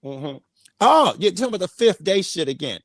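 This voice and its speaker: A man's voice: sits high, sing-song, brisk, a bit bright, no room sound, studio quality. A man co-hosting a podcast, in a heated, profane argument, pressing his partner with repeated questions. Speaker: podcast co-host.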